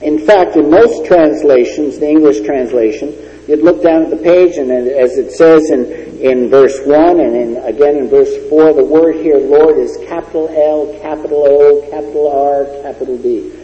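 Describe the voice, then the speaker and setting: A man's voice: a little high, moderate pace, warm tone. A man preaching a sermon with an emphatic, storytelling delivery. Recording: dull lo-fi recording in an echoey hall.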